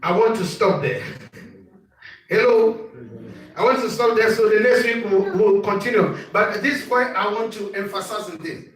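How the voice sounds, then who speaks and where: High-voiced preaching man, echoey hall. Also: normal speed. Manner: call-and-response preaching, rising to shouts. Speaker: bishop preaching. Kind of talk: sermon. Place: church hall. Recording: echoey church sound from far off.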